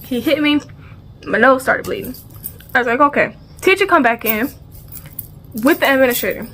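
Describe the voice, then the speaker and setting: Speaking at a normal speed in a voice that sits high, this woman shares a storytime vlog. She uses casual slang, repeats phrases, and brings the tale to life by acting out its sounds and conversations.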